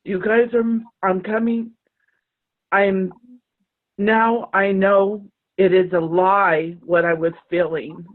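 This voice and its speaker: A woman sharing personal struggles on a video call, earnest and halting, close to tears. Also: medium pitch, steady tone. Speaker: group participant. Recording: tinny phone-like video call audio.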